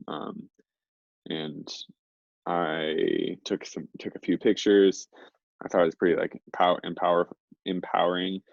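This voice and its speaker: A young man with a low voice and a gravelly, creaky edge tells a story in a loose, rambling way, filling gaps with "like" and "um". The recording is dry and a little dull and lo-fi. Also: little pitch movement, a little slow, long pauses, dry recording. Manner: rambling, heavy on fillers. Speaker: interview guest. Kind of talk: casual storytelling.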